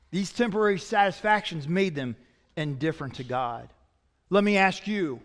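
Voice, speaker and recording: A man preaching a sermon as pastor, swinging from loud emphatic lines to quiet, low asides. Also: big-room sound.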